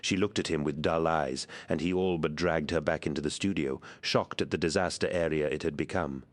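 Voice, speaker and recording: Deep-voiced male audiobook narrator. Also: a little fast.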